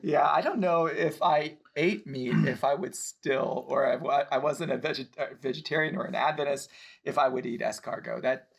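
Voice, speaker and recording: A man's voice: mid-range voice, moderate pace, gravelly, breathy edge. A man co-hosting a church program, chatting casually and laughing easily. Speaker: co-host. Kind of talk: casual chat.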